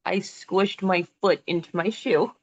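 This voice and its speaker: A woman's voice: fairly low pitch, unhurried, a little hiss or hum. A woman in her thirties, a podcast co-host, telling stories in casual chat and laughing often as she talks. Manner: animated storyteller, laughs often while talking. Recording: slightly dull lo-fi sound.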